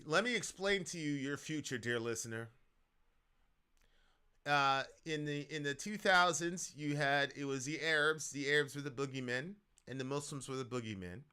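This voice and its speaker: A man hosts a casual political stream, talking loosely in slang and breaking into loud outbursts. His voice is bright and smooth, a little high for a man. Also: normal speed.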